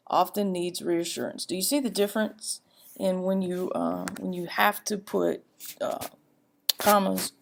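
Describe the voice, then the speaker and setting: A woman teacher delivers a grammar lecture in a lowish, creaky voice. She reads example sentences aloud, halting, repeating herself and using lots of fillers.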